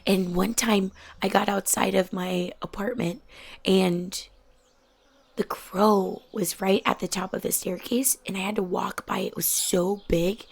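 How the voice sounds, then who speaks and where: A young adult woman chatting softly while she plays a game, often dropping to a near whisper. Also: medium pitch, steady tone, unhurried, vocal fry, slightly rough. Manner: soft-spoken, often drops to a near whisper. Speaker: gaming channel host. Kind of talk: relaxed chat while playing a game.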